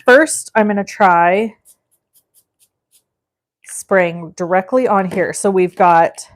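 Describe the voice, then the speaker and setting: A woman's voice: medium pitch, slow pace. A woman in her forties hosting a live card-making demonstration, chatting directly to her viewers as she works.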